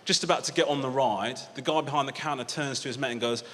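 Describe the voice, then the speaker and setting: A man, doing a deadpan, mock-grumpy stand-up routine on a theatre stage, acting out other voices. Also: medium pitch, fast talker. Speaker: stand-up comedian. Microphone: handheld stage mic. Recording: live theatre with long reverb, loud audience noise.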